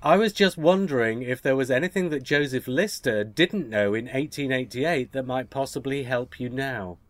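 A man runs a fan quiz on a podcast, with a middle-pitched voice and a playful, mock-dramatic read of each quote. The sound is dry and close. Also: moderate pace, no room sound. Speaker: quizmaster. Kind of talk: casual podcast quiz hosting.

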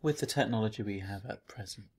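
A man's voice: fairly low pitch, a little mellow, slightly rough. A man co-hosting a podcast, making jokes at his own expense and ribbing his co-host. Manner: jokey, quick to laugh, self-mocking. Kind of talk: casual chat.

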